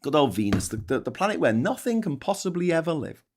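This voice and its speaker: A man delivers a heated, sarcastic rant, swearing freely and tripping over restarts. His pitch swings widely as he talks. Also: big pitch swings, fast, darkish tone. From Liverpool, England. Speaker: vlogger, channel host. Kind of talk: casual ranting monologue.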